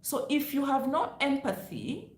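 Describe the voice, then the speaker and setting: Loud, emphatic woman vlogging. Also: high-pitched, wildly swooping pitch, a little slow, echoey room. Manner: loud, emphatic, lecturing with laughs. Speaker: travel vlogger. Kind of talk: direct-to-camera advice vlog.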